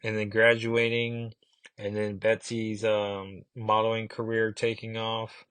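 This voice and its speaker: A man's voice: on the low side, monotone, measured pace, a bit bright, clear, resonant tone, no room sound. A man casually reviewing comic books, rambling with fillers and asides.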